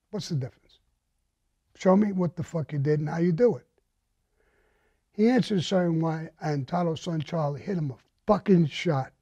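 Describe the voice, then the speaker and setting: A man's voice: a little high, dark tone, dry recording, dull audio. A man bluntly recounting a violent crime story, swearing often and speaking with menace.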